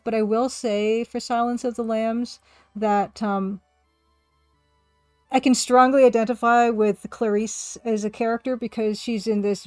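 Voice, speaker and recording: A woman's voice: a little high, darkish tone, no room sound. Chatty woman streamer, dry close sound. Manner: chatty and self-deprecating, reacting to viewer comments. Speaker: live-streaming game artist and developer. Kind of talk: casual live-stream chat.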